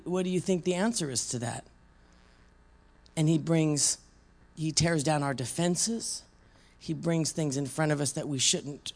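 Gravelly-voiced woman preaching a sermon. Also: sits low. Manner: conversational, asks the room questions; acts out quoted voices.

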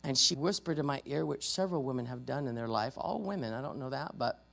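Brief: lively church teacher with a gravelly edge, tells stories and acts out the voices. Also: medium pitch, fast talker, few pauses. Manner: animated, acts out loud quoted voices. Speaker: spiritual warfare trainer.

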